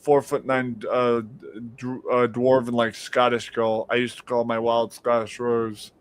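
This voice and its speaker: A man casually telling stories on a live stream call, animated and swearing freely. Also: a little slow, clean tone. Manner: animated, acts out quotes in a high mocking voice, swears freely. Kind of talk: casual storytelling chat. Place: home.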